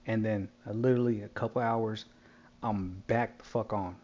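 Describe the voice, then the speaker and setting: A man telling a wild story in casual chat while gaming, animated and profane, laughing often. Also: on the low side, normal speed, slight background noise.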